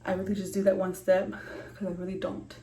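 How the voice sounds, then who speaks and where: Young woman vlogger, casual and rambling, slightly breathless, mid-pitched, roomy bathroom sound. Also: monotone, a little fast, dark tone, a little hiss or hum. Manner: rambling, many ums and likes. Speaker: beauty vlogger. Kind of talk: casual skincare vlog. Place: small bathroom. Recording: echoey small bathroom.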